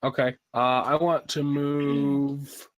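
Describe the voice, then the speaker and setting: A man's voice: mid-range voice, flat delivery, slow pace, no echo. Matter-of-fact man tabletop player. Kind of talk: casual tabletop chat.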